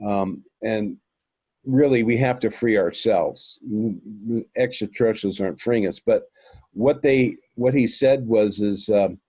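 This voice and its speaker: A man tells his story as an interview guest, full of ums and restarts, calling his listeners "folks." His voice is mellow and warm. The sound is dry, with no room around it. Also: on the low side, unhurried, slightly rough, no room sound. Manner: rambling, many fillers and restarts; earnest, addresses listeners as folks. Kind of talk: recounting a personal experience.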